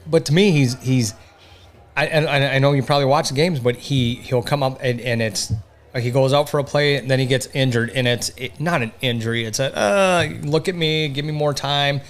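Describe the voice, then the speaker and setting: A man's voice: mid-range voice, fairly even intonation, a little fast. Emphatic man ranting on a podcast. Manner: emphatic, trails off and restarts when worked up. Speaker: podcast co-host. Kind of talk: casual chat.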